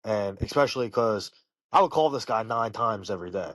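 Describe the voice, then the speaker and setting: A man, a professional fighter, telling personal stories in an interview, halting and full of fillers and restarts. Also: lowish voice, expressive, fairly bright tone, dry recording. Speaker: professional fighter, podcast guest. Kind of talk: casual interview storytelling.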